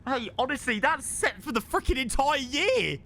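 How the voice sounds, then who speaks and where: A man's voice: very high voice, very animated, moderate pace, bright, forceful tone. A young man, chatting casually with viewers on a live stream and thanking them by name.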